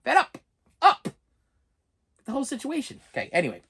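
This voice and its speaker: A man's voice: extremely high pitch, wildly swooping pitch, brisk, background noise. A middle-aged man ranting in a comedic vlog, exasperated and stumbling over restarts. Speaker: vlogger. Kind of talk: comedic rant and unboxing vlog.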